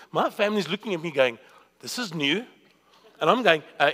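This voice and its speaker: A man preaching a sermon, swinging from loud, high bursts to hushed, low asides. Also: animated, brisk, breathy edge. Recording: long reverb of a hall.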